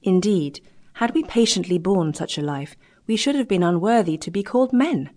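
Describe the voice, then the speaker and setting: A woman reading an audiobook, voicing a defiant male mutineer leader who speaks roughly and accusingly. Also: lowish voice, expressive, normal speed, darkish tone, close to an everyday voice. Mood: bitter accusing.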